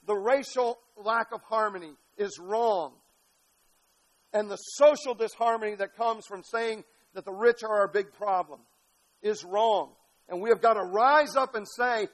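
A man preaching an impassioned sermon, building to shouted peaks and dropping to quiet, low passages. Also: poor audio. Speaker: pastor.

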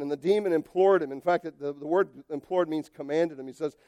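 A man preaching a sermon who speaks straight to his congregation, moving between quiet asides and loud, emphatic bursts. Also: a little high, fast, hardly any pauses, dry recording. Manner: emphatic and animated, swinging between soft asides and loud outbursts; addresses the congregation directly and conversationally. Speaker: pastor.

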